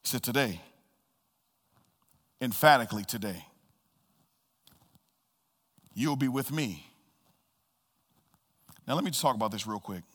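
Man, pastor preaching, bright high voice, repeats phrases, soft-to-loud swings, long hall reverb. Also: lively intonation, unhurried, long pauses, slightly rough. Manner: repeats key phrases for emphasis. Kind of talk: sermon. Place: church sanctuary.

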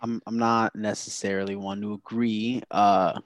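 A man with a lowish voice chatting on a podcast, teasing and hesitant, full of fillers. The sound is dry and close, with no room around it. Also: level tone, normal speed, no room sound. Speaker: podcast co-host. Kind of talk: casual podcast chat.

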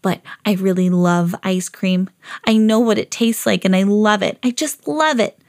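A woman's voice: mid-range voice, moderate pace, natural voice. A woman reading a children's storybook aloud as a lovable, eager female pet dog. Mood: earnest. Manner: earnest storybook reading, rising excitedly.

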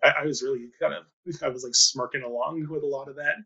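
Gravelly bright-voiced man, chatty host. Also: medium pitch, fairly even intonation, quick pace, lo-fi sound. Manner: chatty, laughs often, many fillers. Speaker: podcast host. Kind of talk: casual interview chat. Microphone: video call.

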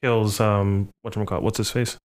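A young man in casual podcast chat, halting and searching for words. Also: on the low side, little pitch movement.

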